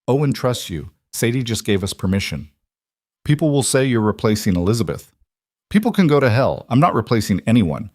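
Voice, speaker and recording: A man voicing a steady, protective widowed rancher in his thirties in a storybook western. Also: medium pitch, brisk, no echo, clean studio sound. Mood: earnest.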